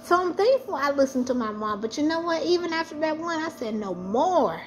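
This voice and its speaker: A woman's voice: sits high, fast, slight background noise. A woman sharing a personal faith testimony, speaking earnestly and repeating phrases for emphasis.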